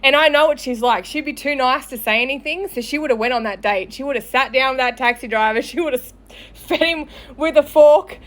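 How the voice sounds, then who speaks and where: A woman's voice: sits high, fast, few pauses, fairly bright tone. A young woman telling a funny story in casual chat, chatty, swearing freely, laughing often and acting out other people's lines. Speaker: storyteller on a live show.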